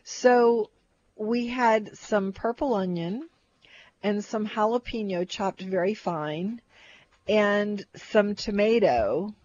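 A woman's voice: mid-range voice, slow pace, a little mellow. An older woman talks food in a loose, rambling way, restarting her sentences and circling back as she goes. The recording sounds dull and lo-fi. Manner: chatty, rambling, restarts often. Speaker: co-host. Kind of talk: casual chat about food.

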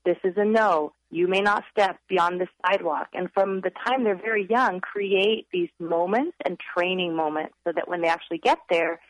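A woman's voice: fairly low pitch, moderate pace, hardly any pauses, no room sound, low-quality recording. A woman author, a guest on a radio interview, earnestly giving upbeat parenting advice.

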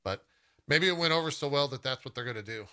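A man's voice: medium pitch, expressive, fast, pushed and bright. A man hosting a podcast in loose, casual chat, full of fillers. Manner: loose and chatty, many "like" fillers. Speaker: podcast host.

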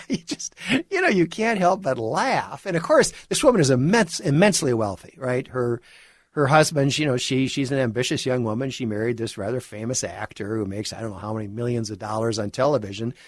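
A man guest-hosting a talk radio show, delivering a wry monologue with chuckles and halting restarts. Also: medium pitch, dry recording, studio quality.

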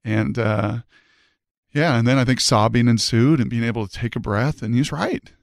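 Man in his own words, earnest testimony, mid pitch, dry close sound. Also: quick pace, gravelly, no echo. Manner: earnest, emphatic storytelling. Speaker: former high school quarterback. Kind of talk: personal faith testimony.

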